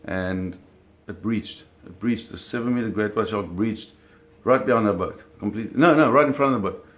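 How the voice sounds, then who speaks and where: A man's voice, on the low side yet a bit bright, moves at a moderate pace through a personal shark-hunting anecdote told casually. He dramatizes sounds vividly while often backtracking and repeating words.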